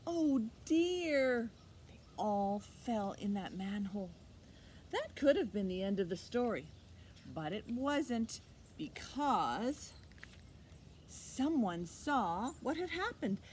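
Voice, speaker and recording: Slow, lively woman reading a storybook. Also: medium pitch, a little hiss or hum. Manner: expressive, slow and animated, with asides to the listener. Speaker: children's librarian. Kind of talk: storytime read-aloud for children.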